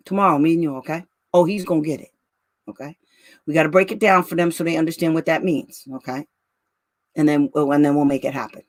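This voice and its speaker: Her mid-range voice comes through crisp and echo-free, like a studio recording. This special ed advocate speaks quickly and bluntly to parents in a relaxed livestream, cracking up often and addressing listeners as "honey" and "girl."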